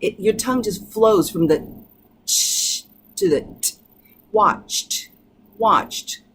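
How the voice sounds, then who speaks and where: A woman teaching English pronunciation, modeling each sound slowly and patiently. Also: mid-range voice, lively intonation, slightly rough. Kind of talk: pronunciation lesson.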